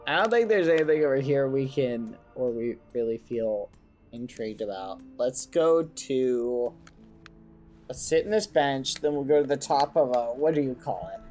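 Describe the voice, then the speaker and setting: A man's voice: medium pitch, animated, normal speed, darkish tone. A young man streaming a game and chatting casually with his viewers, telling stories as he plays. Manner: chatty, addresses chat, storytelling. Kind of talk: casual gameplay commentary. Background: faint game music.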